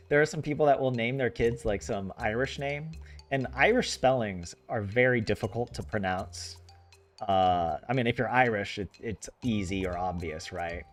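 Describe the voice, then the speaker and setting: Animated, rambling man. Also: medium pitch. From United States. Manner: rambling, animated, laughs often. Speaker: streamer playing a farming game. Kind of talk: casual chat with live viewers.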